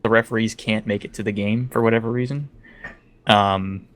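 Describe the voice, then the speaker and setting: A fairly low-pitched man talking through sports rules in a relaxed podcast chat. He rambles a bit and leans on "like" as he explains, laid-back and conversational. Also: moderate pace. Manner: explains hockey rules at length, many "like" fillers. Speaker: podcast co-host.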